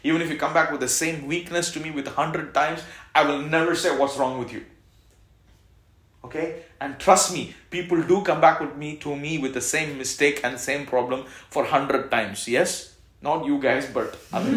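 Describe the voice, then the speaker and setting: A man preaching a sermon as pastor, calling out lines for the congregation to repeat and swinging between loud exhortation and soft reassurance. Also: a little high, moderate pace. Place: church hall. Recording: echoey church hall.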